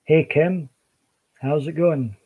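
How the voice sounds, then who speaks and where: A man's voice: on the high side, steady tone, takes it slowly, husky, phone-quality sound. Scottish man chatting with his live viewers. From Scotland. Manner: chatty, greets viewers and answers comments. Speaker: live stream host. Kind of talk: casual chat reading viewer comments.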